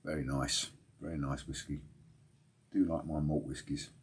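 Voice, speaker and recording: A man's voice: a bass voice, fairly even intonation, moderate pace, husky. A tired man chatting casually to his livestream viewers from home late at night, rambling and laughing often. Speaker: fishing livestream host.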